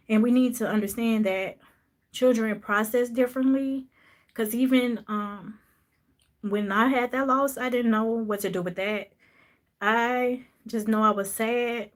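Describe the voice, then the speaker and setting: A woman telling a personal story in a soft, reflective voice, pausing often with fillers. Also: medium pitch. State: emotional, voice dropping low at times. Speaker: podcast host sharing a personal story.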